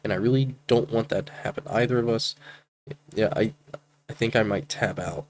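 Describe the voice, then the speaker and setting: A man's voice: on the low side, fairly quick, a little hiss or hum. A man streaming, reading chat messages aloud in casual commentary, hesitant and anxious, with casual swearing.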